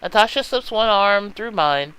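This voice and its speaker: A man narrates a text-based game for his let's play. His voice is high, bright and smooth. He tells the story expressively and with lots of movement in pitch. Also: expressive, moderate pace, low-quality recording. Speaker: let's play host reading a game aloud. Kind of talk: reading interactive fiction aloud.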